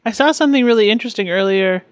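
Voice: mid-range voice, racing, no room sound. A co-host in a casual podcast chat, adding brief, dry remarks.

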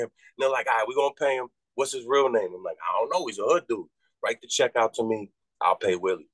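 Animated profane male storyteller, dry sound. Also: dry recording, low-quality recording. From Massachusetts. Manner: animated, profane storytelling with quoted voices and big pitch jumps. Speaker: rapper and podcast guest. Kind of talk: casual storytelling interview.

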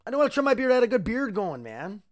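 A man's voice: very high-pitched, sing-song, very fast, no room sound, studio quality. Rambling, profane man hosting a podcast. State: in pain after neck surgery, wearing a neck brace. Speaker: podcast host. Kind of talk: casual solo podcast chat.

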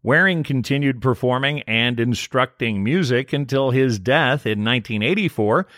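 A man co-hosting a show, recapping scenes with animated storytelling and wry asides. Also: medium pitch, normal speed, no room sound, clean studio sound. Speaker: podcast co-host. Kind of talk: casual recap narration.

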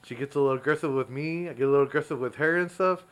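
A man's voice: mid-range voice, racing, a bit bright, clean tone. A man telling a crude story in a casual podcast chat, laughing often. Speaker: podcast co-host.

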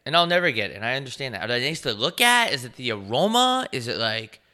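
Man, podcast host, swearing rants, lively pitch, very bright. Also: fast. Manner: complaining rants with lots of swearing. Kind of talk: casual podcast banter.

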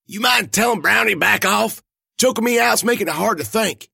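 A man's voice: high voice, animated, fairly quick, sharp tone, no room sound, studio quality, voice pushed up. A man voicing a brash, defiant young woman with mind powers, mocking and taunting in a storybook reading.

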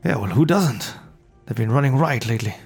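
A man running a tabletop game as game master, voicing a merchant in a relaxed, chatty way. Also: medium pitch, fairly quick, slightly rough, faint music behind.

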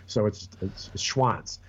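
A man's voice: on the low side, takes it slowly, husky, lo-fi sound. A man co-hosting a podcast in casual chat, rambling and profane with many restarts. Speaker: podcast co-host.

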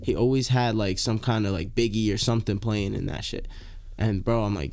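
A man's voice: fairly low pitch, brisk. Slangy young man telling a story. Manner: animated, slangy, swears freely, lots of fillers. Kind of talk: casual storytelling.

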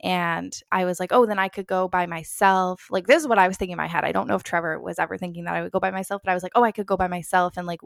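A woman's voice: fairly low pitch, steady tone, rapid-fire, creaky, hardly any pauses, no room sound, clean studio sound. A young woman telling a personal story in a casual, chatty way, full of filler words and acting out her own past thoughts. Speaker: vlogger.

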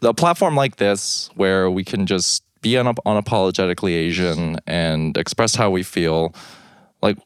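A man's voice: deep voice, normal speed, smooth, no room sound, clean studio sound. A man hosting a podcast, earnest and hesitant in casual chat. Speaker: podcast host.

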